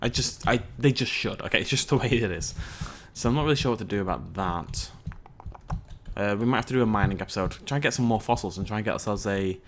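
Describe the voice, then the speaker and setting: Talking fast in a lowish voice over a little hiss or hum, a man rambles through casual commentary while hosting a let's play. He chats with his viewers and pokes fun at himself along the way.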